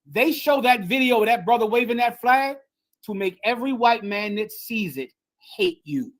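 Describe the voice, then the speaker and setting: A woman's voice: fairly high pitch, lively intonation, moderate pace, rough recording. A woman hosting a livestream and lecturing with emphatic, preachy force, repeating her phrases for effect over a video-call mic. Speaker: livestream host and teacher. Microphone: streaming software on a video call.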